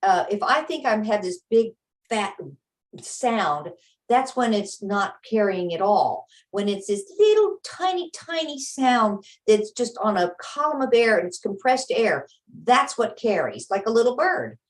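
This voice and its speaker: A woman's voice: mid-range voice, animated, a little slow, far from the mic, low-quality recording. A woman opera singer from Texas, talking candidly and practically as a guest in an interview chat. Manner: candid, practical, explains vividly.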